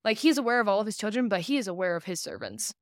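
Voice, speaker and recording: A woman's voice: medium pitch, lively intonation, racing, dry recording, clean studio sound. A young woman in her twenties, a podcast guest, telling a personal story in earnest and acting out the people she quotes. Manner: earnest, acts out quoted dialogue.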